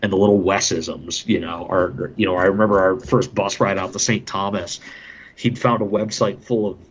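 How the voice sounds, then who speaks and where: A man's voice: deep voice, fairly even intonation, moderate pace, dull audio, a little hiss or hum. A man, a hockey broadcaster on a podcast, telling casual stories and laughing often as he talks. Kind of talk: casual storytelling.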